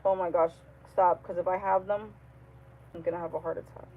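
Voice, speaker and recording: Brief: woman streamer, casual slangy storytelling, lots of laughs, muffled low-fi mic. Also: brisk, a little hiss or hum. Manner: animated, slangy, laughs often, acts out quotes. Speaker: livestream host.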